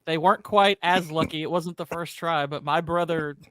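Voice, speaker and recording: A chatty man jokes his way through a casual group movie talk over a call. His voice sits a little high, and his sound is dry and close. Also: fairly even intonation, moderate pace, a bit bright, clean tone, no echo.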